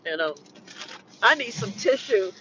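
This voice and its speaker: Slow, rambling vlogger, muffled recording. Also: medium pitch, lively intonation, very noisy. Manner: rambling, halting, full of "you know". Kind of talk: emotional personal chat.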